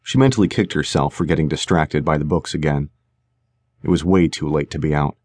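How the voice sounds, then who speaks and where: A man narrating a suspense audiobook in a measured, tense manner. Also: very deep voice, darkish tone, slightly rough, dry recording. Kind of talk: scripted narration. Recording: dry studio recording.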